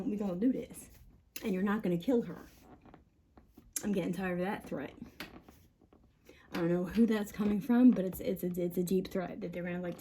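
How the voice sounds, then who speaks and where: A woman rants to camera in a long, rambling monologue, her voice mellow and soft-edged despite the heavy cursing. She sounds agitated and laughs between thoughts, and a faint hiss of noise sits under her. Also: medium pitch. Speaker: mother venting on camera.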